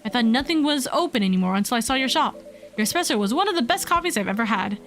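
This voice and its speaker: A slightly hoarse woman streamer reading the lines of an easygoing woman writer in a game. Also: on the high side, lively intonation, fast, a bit bright, slight background noise. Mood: confiding. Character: adult woman writer, traveling barista-cafe regular, easygoing. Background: faint game music.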